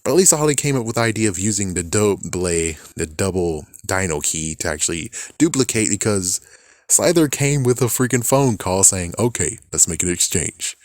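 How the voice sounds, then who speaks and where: A young man casually reviewing a TV episode, animated, swearing a lot and laughing often. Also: lowish voice, moderate pace, no echo, clean studio sound. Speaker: show reviewer.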